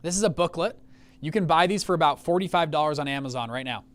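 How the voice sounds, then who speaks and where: Upbeat, slightly high-voiced man hosting a webinar. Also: quick pace. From Utah. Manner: animated, storytelling with many restarts and check-ins. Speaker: fund manager and webinar host. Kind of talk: casual live webinar talk.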